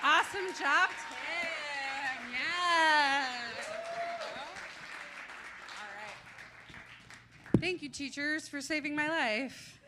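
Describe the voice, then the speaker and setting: A woman's voice: sits high, very slow, pauses often, a loud crowd, very noisy. A woman hosting a club showcase, introducing acts and cheering the audience on in an upbeat way. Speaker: event host. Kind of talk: emceeing between acts.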